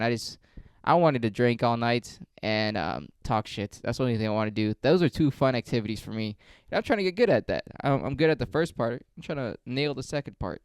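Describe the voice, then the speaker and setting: A man hosting a podcast, telling stories in a rambling, profane, deadpan way on a close mic. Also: medium pitch, brisk, smooth, no room sound. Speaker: podcast host. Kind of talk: casual storytelling.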